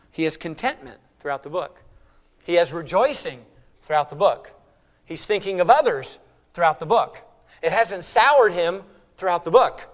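A man preaching a sermon emphatically, repeating words and phrases, swinging between loud exclamations and hushed, near-whispered lines. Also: high-pitched.

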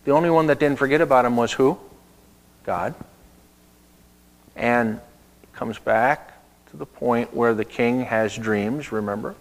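A male pastor preaches, retelling a story with many rhetorical questions and sudden dips into hushed tones. His voice sits in a middle pitch with a steady gravelly creak. His delivery stays animated throughout. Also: a little slow, pauses often, poor audio. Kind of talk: sermon.

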